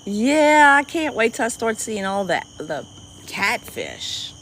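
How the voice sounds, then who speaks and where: A woman with a Cajun accent and a squeaky voice, chatting casually with viewers on a livestream from an outdoor dock at night. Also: big pitch swings, takes it slowly, fairly bright tone, slight background noise, poor audio. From Louisiana. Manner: chatty, greets viewers by name, easily delighted. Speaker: livestream host. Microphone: phone livestream.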